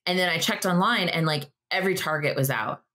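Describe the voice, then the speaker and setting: Animated woman telling a lively story. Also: fairly quick. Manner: animated storyteller, acts out quotes, jumps high when excited. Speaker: podcast co-host. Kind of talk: casual chat.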